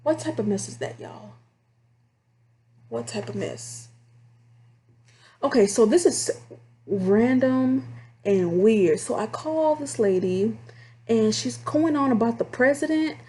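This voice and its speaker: A woman casually telling stories about her phone job to her viewers, chatty and animated. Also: on the high side, takes it slowly, long pauses, a little hiss or hum. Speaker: vlogger telling call-center stories. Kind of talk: casual storytelling to camera.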